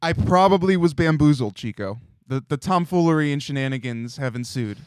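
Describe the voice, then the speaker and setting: A man's voice: a little high, lively intonation, fairly quick, a little mellow, clear, resonant tone, dry recording, studio quality. A man working as a radio show producer, joining the banter in a laid-back, easygoing way. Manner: laid-back, laughs easily.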